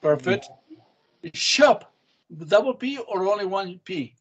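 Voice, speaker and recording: A man's voice: high voice, animated, slow pace, slightly rough. A man teaching an English class, quizzing students on spelling with short, patient prompts. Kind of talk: online class drilling spelling.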